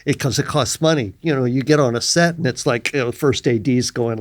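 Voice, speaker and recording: An older man talking as a guest in a casual podcast chat, thoughtful and halting, often trailing off quietly. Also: mid-range voice, no echo. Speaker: guest actor.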